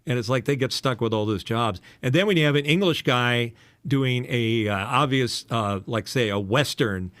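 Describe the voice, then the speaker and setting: A man co-hosting a casual podcast chat, a commercial voice actor who talks in an animated way and drops in quick impressions. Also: mid-range voice, no echo. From United States.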